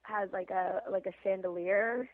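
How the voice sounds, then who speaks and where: A woman's voice: medium pitch, fairly even intonation, normal speed, no echo. A young woman, an actress, chatting in a casual podcast interview, rambling with lots of fillers. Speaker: actress guest. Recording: tinny phone line.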